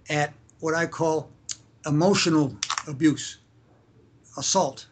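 His voice is a little high and expressive. A family lawyer from Canada, he responds to interview questions informally, dramatizes examples by shouting them out, and frequently stops and restarts what he's saying.

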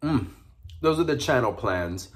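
A man's voice: mid-range voice, lively intonation, measured pace. A man talking casually while eating on his food vlog, savoring each bite with frequent pleased murmurs. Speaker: mukbang vlogger.

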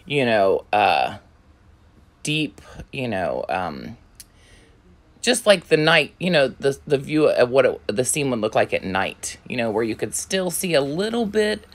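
A woman crafting vlogger talking casually through her project, slightly out of breath, rambling with many ums and you-knows. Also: a bass voice. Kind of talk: casual crafting tutorial talk.

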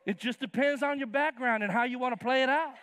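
A man in his fifties delivers a sermon from a church stage, his voice sitting high. He acts out Bible scenes in casual, slangy voices with plenty of energy. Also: quick pace, fairly bright tone, a little hiss or hum. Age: 50s. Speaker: pastor. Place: church sanctuary.

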